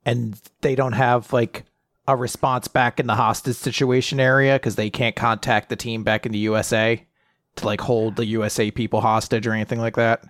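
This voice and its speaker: A man's voice: mid-range voice, level tone, moderate pace, a bit bright, no room sound, clean studio sound. A man co-hosting a podcast who talks casually and hesitantly, with many fillers. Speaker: podcast co-host. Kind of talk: casual chat.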